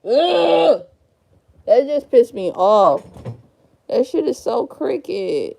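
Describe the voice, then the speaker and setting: A woman in her thirties on a livestream, rambling and swearing as she frets over a cluttered room. Her voice is a touch high but mellow and warm, and her speech drags along slowly. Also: sing-song, gravelly. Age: 30s. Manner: profane, frazzled and rambling; talks to herself while sorting a room. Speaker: live streamer. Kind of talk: casual livestream chat.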